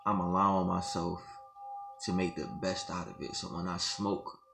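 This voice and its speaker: A deep, gravelly man speaks slowly and in a measured way, reflecting on himself. His voice sounds echoey, and music plays clearly behind him. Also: steady tone. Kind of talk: reflective personal talk.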